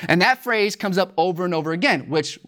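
A preacher teaching a sermon from scripture, slowing down to stress key words and asking rhetorical questions. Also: medium pitch, lively intonation, fairly bright tone. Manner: deliberate, slows for emphasis on key words.

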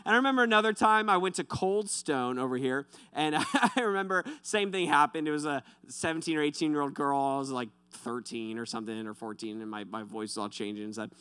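A young man preaching a sermon, telling animated, self-deprecating stories. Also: medium pitch, fairly quick, hardly any pauses, clean tone, no room sound. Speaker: pastor.

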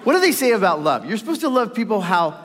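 A middle-aged man preaches a sermon to a live congregation. His voice is high and very animated, and it leaps up and down as he acts out the quoted voices. It is recorded in a large church hall with a long, ringing reverb. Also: fast, a faint crowd. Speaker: pastor.

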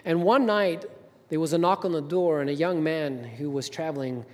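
A man preaching a sermon as pastor, telling a story with emphatic rises and soft drops. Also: on the high side, normal speed. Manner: storytelling, rising to emphatic peaks then dropping soft. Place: church sanctuary. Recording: reverberant hall.

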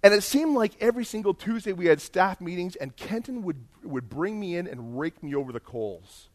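A male pastor telling a story in a sermon, animated and emphatic, acting out the dialogue. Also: high voice, moderate pace.

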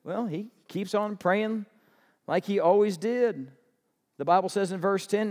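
In a large hall, a pastor preaches a sermon with animation and humor, firing rhetorical questions at the congregation. His voice is high and his pace unhurried.

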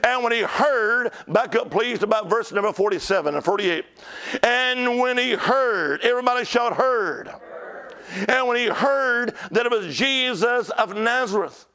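A man preaching a sermon as pastor, emphatic, asking rhetorical questions and calling the congregation to shout back. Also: extremely high pitch, normal speed.

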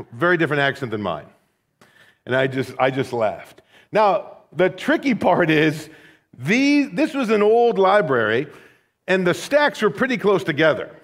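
A pastor from Rockford, Illinois, in the Chicago area, delivers a sermon full of personal stories told in a conversational, wry, humorous way. His slightly high, fairly bright voice has a sing-song lilt, and he takes his time with long pauses.

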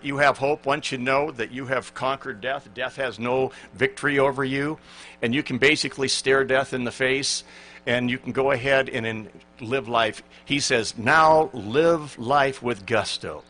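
An older pastor in his sixties delivers an emphatic sermon, his voice bright and forceful. He sits at an ordinary pitch for a man. He leans hard on repeated phrases and reads scripture aloud. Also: fairly even intonation, normal speed. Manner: earnest, emphatic preaching with quoted scripture.

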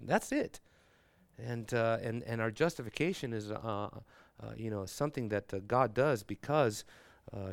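A man gives a theology lecture to a class in a loose, conversational way. He fills pauses with fillers and keeps asking the room rhetorical questions. His voice sits in a middle register and sounds dry, with little room around it. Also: medium pitch, dry recording. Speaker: theology teacher.

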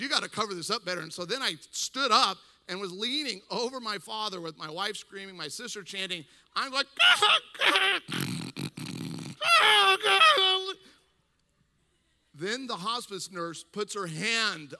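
In a large hall with a faint hiss or hum, a man with a high-pitched voice preaches to his congregation. His sermon is a funny story, and he animatedly acts out each of the people in it.

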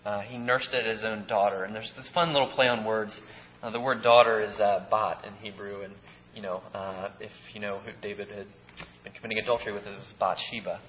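A man's voice: on the low side, steady tone, fairly quick, a little hiss or hum. A man preaching a sermon in a loose, conversational way, often checking in with "right?" and restarting his sentences. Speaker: pastor. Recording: echoey hall, dull lo-fi sound.

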